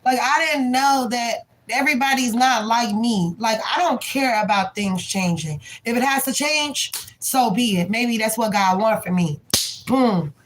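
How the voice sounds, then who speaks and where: A woman's voice: on the high side, a little slow, rough recording. Candid storytelling woman on a livestream. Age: adult parent. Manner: candid, profane, animated when retelling. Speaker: tarot reader and livestream host.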